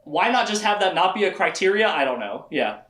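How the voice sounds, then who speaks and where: A man giving a casual, comedic lecture summarizing books to a small audience, acting out the characters' lines with quick voice shifts. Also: high-pitched, very animated, fairly bright tone. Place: room with a small live audience. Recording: echoey room.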